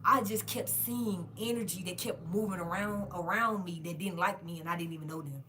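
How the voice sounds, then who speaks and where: A woman vlogger telling a casual storytime monologue straight to her viewers, animated and emphatic, with plenty of swearing. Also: on the low side, a little fast, slight background noise. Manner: directly addresses viewers.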